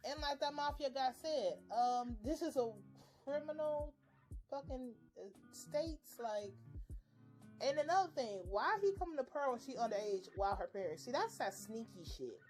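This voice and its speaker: A young woman giving a casual, blunt and profanity-filled recap and reaction to a TV episode. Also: mid-range voice. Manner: profane, blunt and animated, with frequent swearing. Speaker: TV episode reviewer.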